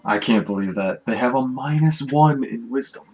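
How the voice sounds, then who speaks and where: A man's voice: medium pitch, normal speed, a little mellow, a little hiss or hum, rough recording. A man running a tabletop game as game master, describing the scenes in an easygoing way and laughing often. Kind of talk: narrating a tabletop game over voice chat.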